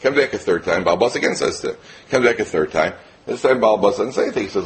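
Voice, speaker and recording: A low-pitched man preaches a storytelling sermon, his voice rising and falling widely as he acts out the people in his stories. A faint hiss of noise sits under the recording. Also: fast talker. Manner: animated, voices characters in low tones. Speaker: rabbi giving a Torah talk.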